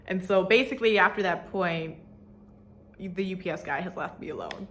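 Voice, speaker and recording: Bright twenty-something woman doing a grwm storytime, super animated, swearing, doing little voices for everyone. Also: lowish voice, fairly quick, slight background noise. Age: 20s. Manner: animated, slangy, swears freely, many fillers; mimics the people in her story. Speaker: vlogger. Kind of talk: get-ready-with-me storytime chat.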